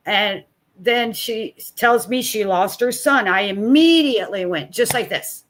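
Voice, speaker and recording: A middle-aged woman, a guest telling her own story as the mother of a missing son. She talks in a folksy way and acts out both sides of each exchange, and her voice drops low and soft when it turns painful. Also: measured pace. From Missouri. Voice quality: plain-spoken, folksy. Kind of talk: candid personal storytelling.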